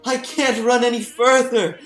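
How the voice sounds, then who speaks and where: An earnest young prince from a storybook, calling out in urgent bursts, as a man reading aloud puts him on. The voice sits high with lively swings. Faint music plays in a roomy space. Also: moderate pace, exaggerated voice. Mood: panicked.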